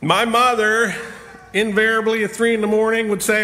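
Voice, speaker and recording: A middle-aged man giving a rambling personal sermon in a church, humorous and self-deprecating, slowing down for emphasis. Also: high voice, flat delivery, bright, forceful tone. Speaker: lay preacher. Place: church sanctuary. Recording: long reverb of a church hall.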